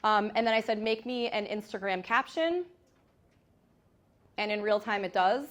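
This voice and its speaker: A woman giving a live presentation in a large room, energetic and chatty, demonstrating as she goes. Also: medium pitch, moderate pace. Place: large room with hundreds of agents.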